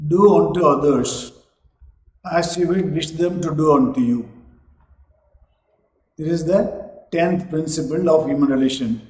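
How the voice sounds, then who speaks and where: A man lecturing students, slow and emphatic, stretching his key words. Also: on the high side, a little mellow, reverberant, low-quality recording. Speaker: teacher.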